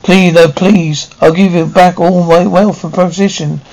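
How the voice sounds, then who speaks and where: Guy reading a greedy cursed woman, begging and stumbling, gravelly. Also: high voice, steady tone, measured pace, a little mellow, poor audio. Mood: pleading. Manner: pleading, faltering. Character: greedy scheming young woman turning into a snake.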